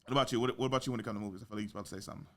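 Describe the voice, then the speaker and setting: A young man hosting a podcast, telling stories in casual chat with slang and profanity. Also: racing. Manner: animated storytelling with big pitch jumps in quoted reactions. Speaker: podcast host.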